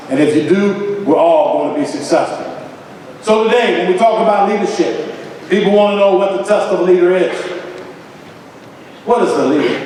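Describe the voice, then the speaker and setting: Man from Ohio, motivational speaker, high voice, dramatic chanting delivery, booming hall reverb, far from the mic. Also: darkish tone, slight background noise. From Columbus, Ohio. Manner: emphatic, dramatic preaching cadence with chanted refrains. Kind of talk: motivational lecture. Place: large hall.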